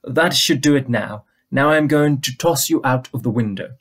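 A man reading a composed, formal vampire in a storybook, each line spoken in measured, careful diction. Mid-pitched and even. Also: lightly acted. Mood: calm.

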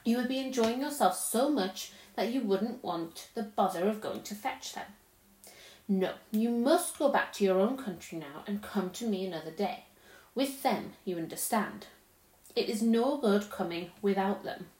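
A woman's voice: mid-range voice, lively intonation, normal speed, a little mellow, natural voice. A woman reading aloud and voicing a cold, scheming queen who coaxes a boy with sweet, lilting promises and a commanding edge. The recording has a roomy echo.

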